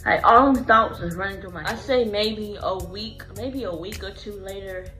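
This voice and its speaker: A woman's voice: mid-range voice, moderate pace, pushed and bright, soft background music, poor audio. A woman vlogger telling her own story in an earnest, emotional way, going back over phrases as she remembers. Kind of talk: personal storytelling to camera.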